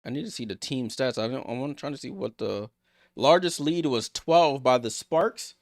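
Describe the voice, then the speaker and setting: A man hosting a live watchalong stream, calling basketball play-by-play and reacting excitedly to each play. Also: medium pitch, moderate pace. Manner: excitable, rattles off passes, reacts aloud. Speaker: watchalong host.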